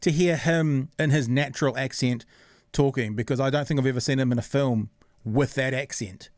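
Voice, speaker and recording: A man's voice: mid-range voice, normal speed, a little mellow, no echo, clean studio sound. A man hosting a podcast in casual chat, rambling and searching for words. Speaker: podcast host.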